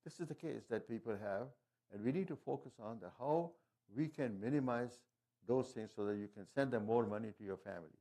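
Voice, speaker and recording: With a mellow, mid-range voice, a man goes over slides about wills and estate planning in a loose, informal presentation. He hesitates, restarts repeatedly, relies on fillers, and phrases things like a non-native speaker.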